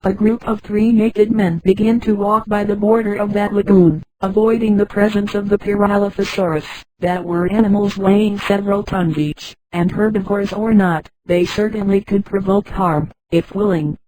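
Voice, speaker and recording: Female text-to-speech narrator, warm dark tone, dry close sound, reads punctuation aloud. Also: mid-range voice, moderate pace, few pauses, no echo, poor audio. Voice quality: flat synthetic reading that voices punctuation marks aloud. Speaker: audiobook narrator. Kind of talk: scripted narration.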